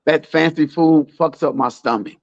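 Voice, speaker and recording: A man's voice: a little high, moderate pace, dry recording, dull audio, voice pushed up, close to an everyday voice. A man doing an impression of a folksy, plain-spoken older Southern president, telling a joke as a story. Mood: joking. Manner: casual, chummy, plain-spoken.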